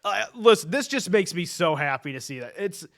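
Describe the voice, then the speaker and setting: A man's voice: high-pitched, animated, fairly quick, fairly bright tone. A man co-hosting a casual sports chat show, enthusiastic and chatty, laughing often and restarting his sentences. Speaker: sports podcast co-host.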